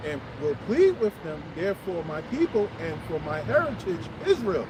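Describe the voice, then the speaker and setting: A man reading scripture aloud outdoors, halting and dropping fillers as he reads. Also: sits high, sing-song, noisy background. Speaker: scripture reader.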